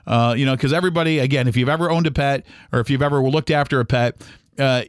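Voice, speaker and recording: A man's voice: mid-range voice, fast talker, smooth, dry recording. An earnest male podcast host with a mid-range voice talks in a loose, heartfelt monologue, circling back and restarting often. The sound is dry and close, with no room around it. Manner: rambling, earnest, many fillers and restarts; speaks of faith gently and sincerely.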